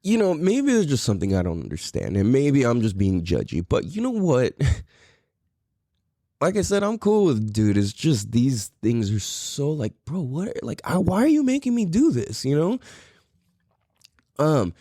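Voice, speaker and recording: Male podcast host, young adult, swings his pitch wide, dark mellow tone, dry close sound, cussing rant. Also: a little slow, dry recording. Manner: profane, animated, exasperated storytelling. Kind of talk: casual storytelling rant.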